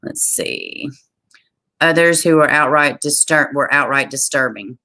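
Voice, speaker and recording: Brief: Southern woman, tired, very deep voice, true crime livestream host who reads aloud and chats with the viewers. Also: measured pace, bright, forceful tone. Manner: reads a case aloud, trails off and greets viewers. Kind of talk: reading aloud and chatting on a livestream.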